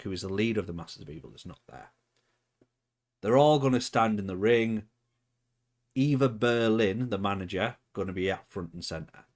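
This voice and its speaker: A man with a low voice talks through his wrestling management game. He is chatty and playful, pausing to think aloud about his choices and laughing at himself. The delivery is unscripted let's-play commentary. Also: a bit bright. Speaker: gaming channel host.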